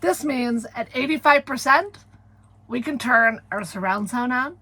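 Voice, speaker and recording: Brief: upbeat woman vlogger, slightly high, breathy, chatty. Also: measured pace, pushed and bright. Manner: chatty, laughs often. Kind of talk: casual vlog narration.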